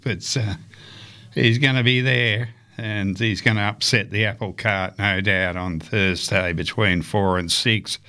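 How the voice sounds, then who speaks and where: An unhurried man presenting community radio, his low voice smooth and clear on a studio mic. He meanders through announcements with plenty of ums and trailing pauses. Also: pushed and bright. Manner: unhurried, many fillers and hesitations. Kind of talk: casual radio links between songs.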